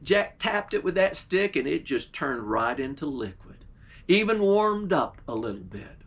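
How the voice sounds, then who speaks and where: A man's voice: on the high side, very animated, measured pace, a bit bright, slightly rough. Man spinning a folksy tale. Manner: folksy dialect narration. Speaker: pastor. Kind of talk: folk tale storytelling.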